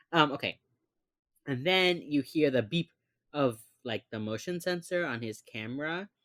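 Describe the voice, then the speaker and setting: A podcast co-host in casual chat retells a TV episode scene by scene, animatedly acting out the characters' lines. The voice is mid-range and measured, with frequent pauses, and the studio recording is clean and dry.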